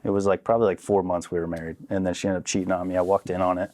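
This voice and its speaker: A young man telling a story on a podcast in a casual, profane, animated way, acting out what people said. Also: low voice, very fast. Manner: profane, animated, acts out quotes. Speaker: podcast guest.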